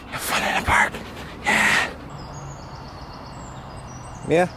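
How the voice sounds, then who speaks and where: A man's voice: fairly high pitch, animated, measured pace, long pauses, a bit bright, slight background noise. A young man chatting casually in a vlog, cooing playfully at his dogs. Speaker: vlogger.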